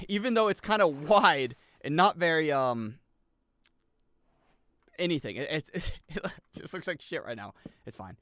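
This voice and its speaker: A man's voice: on the high side, expressive, unhurried, pauses often, fairly bright tone, dry recording. A young adult man streaming a game in casual chat, rambling, swearing and laughing as he plays.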